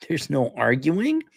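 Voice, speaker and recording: A blunt, opinionated man delivers a casual monologue. His pitch swings widely as he talks. The sound is dry and close, with no room around him. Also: vocal fry, no room sound. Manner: blunt, opinionated, animated, frequent restarts. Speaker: podcast host.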